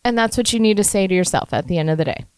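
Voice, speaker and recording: A woman's voice: mid-range voice, expressive, very fast, a little mellow, smooth, no echo. A woman co-hosting a casual podcast, candid, swearing casually and laughing easily. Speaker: podcast co-host. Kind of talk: casual chat.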